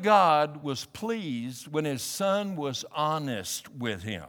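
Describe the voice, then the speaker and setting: A man preaching a sermon as a pastor, animated and building up to emphatic, pressing questions. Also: a little high, slow, few pauses, big-room sound. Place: church sanctuary.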